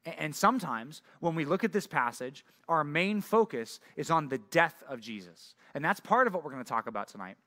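A man's voice: fairly high pitch, animated, fairly quick, few pauses, sharp tone. A young male pastor giving a casual, conversational sermon, telling stories with lots of fillers. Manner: conversational, filler-heavy storytelling.

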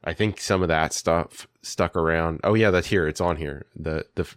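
A man's voice: sits low, smooth, dry recording, studio quality. A man co-hosting a podcast in casual chat, rambling and correcting himself as he talks. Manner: rambling, self-correcting, quick to laugh. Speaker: podcast co-host.

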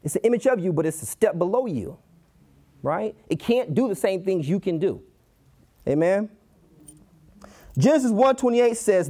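A pastor with a Detroit accent delivers a sermon in a high-pitched voice at a moderate pace, pausing often. His animated voice swings widely up and down to drive home each point, he repeats key lines for emphasis, and he slips into playful voices when quoting people.

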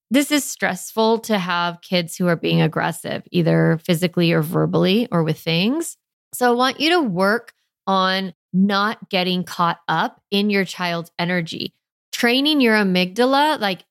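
A middle-aged woman who hosts a parenting podcast, explaining in a calm, coaching tone and acting out short lines a parent would say. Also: mid-range voice, dry recording, clean studio sound. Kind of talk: instructive podcast talk.

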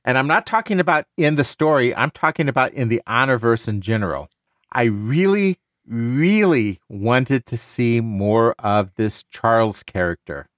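A man's voice: medium pitch, lively intonation, unhurried, fairly bright tone, dry recording. Keen podcast host guy chatting books, trips over words, mid voice, dry close mic. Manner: enthusiastic, stumbles and restarts. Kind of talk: casual book discussion.

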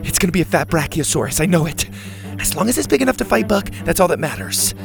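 A man voicing an excitable young girl in a storybook, shrill and breathless. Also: normal speed, music in the background, lightly acted. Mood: excited. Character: excitable young girl, hatching dinosaur eggs.

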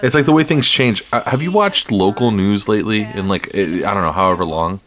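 A male podcast host chatting casually with a slightly low voice. He rambles in a sardonic tone, swears freely and restarts his sentences often. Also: expressive, a little fast, a bit bright. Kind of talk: casual chat.

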